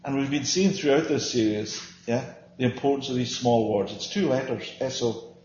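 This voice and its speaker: A man's voice: medium pitch, normal speed, darkish tone. Man, Bible teacher, earnest and emphatic, questions and answers, roomy lo-fi recording. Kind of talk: small-group Bible teaching.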